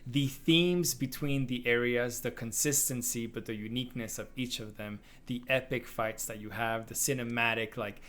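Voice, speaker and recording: Bright, gushing male podcast co-host. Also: medium pitch. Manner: gushing, animated, laughs often. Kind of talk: casual game review chat.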